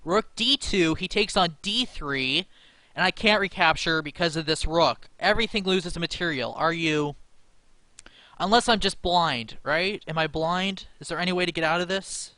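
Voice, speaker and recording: A man's voice: on the high side, normal speed, bright, forceful tone, dry recording. A young man talking himself through a chess game against the computer, anxious and laughing nervously at his own moves. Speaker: chess streamer. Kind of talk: live game commentary.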